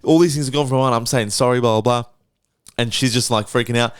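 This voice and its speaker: A man's voice: medium pitch, quick pace, clean tone, dry recording, clean studio sound. A young man hosting a podcast, telling a story casually, swearing freely and acting out the quotes. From Australia. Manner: swears freely, animated retelling with voiced quotes. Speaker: podcast host.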